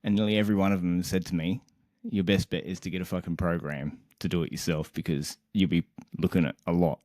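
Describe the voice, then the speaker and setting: A young man on a casual podcast, co-hosting and telling a story in an animated, exasperated way, swearing constantly and laughing mid-sentence. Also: deep voice, quick pace, dry recording, studio quality. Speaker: podcast co-host.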